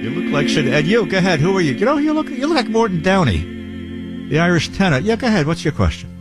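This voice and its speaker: A man's voice: high-pitched, very animated, fast, loud music behind the voice. A man hosting a show, giving joking political commentary and mocking impressions. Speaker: radio show host.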